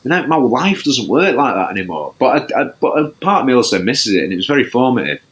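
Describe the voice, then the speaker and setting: A man's voice: mid-range voice, very animated, fast talker. A man, a podcast guest chatting casually, rambling and self-deprecating with many restarts. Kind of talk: casual chat.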